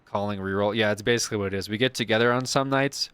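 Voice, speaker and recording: Smooth-voiced young guy streaming. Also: lowish voice, very fast, fairly bright tone. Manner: rambling, laughs often, swears freely. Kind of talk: casual chat.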